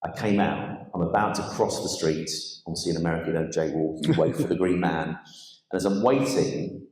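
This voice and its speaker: A man with a notably low voice tells a personal story to a gathered audience. He is animated, switching into other people's voices as he goes. The sound carries the echo of a large church hall. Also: fairly quick. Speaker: guest speaker. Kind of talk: storytelling testimony on stage.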